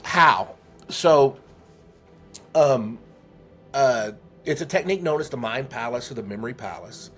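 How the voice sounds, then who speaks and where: A man's voice: medium pitch, animated, measured pace, long pauses, fairly bright tone, soft background music. A man telling a heartfelt story as a podcast guest, earnest, with many restarts. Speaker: guest, memory trainer.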